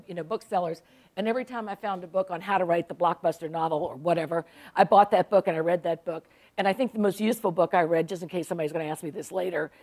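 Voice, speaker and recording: A woman's voice: lowish voice, a little mellow. A woman, an author telling funny stories to a library audience in a chatty, self-mocking way. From South Carolina. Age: 60s. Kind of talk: humorous storytelling talk to an audience. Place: public library event.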